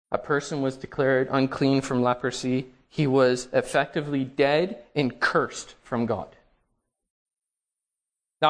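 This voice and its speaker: Slow, emphatic male preacher. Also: a little high. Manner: slow, emphatic reading of scripture with rising, dramatic stresses. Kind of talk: sermon.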